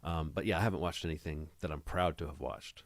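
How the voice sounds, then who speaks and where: A man's voice: extremely low pitch, steady tone, fast, gravelly, no echo. A man from the United States co-hosting a podcast in casual chat, talking in a rambling, wry way full of restarts. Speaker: podcast co-host.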